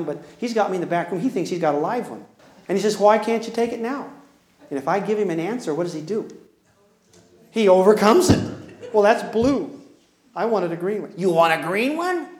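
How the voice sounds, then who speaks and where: A man giving a humorous parenting seminar to an audience, folksy and teasing, acting out both sides of little dialogues as he goes. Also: sits high. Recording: echoey room.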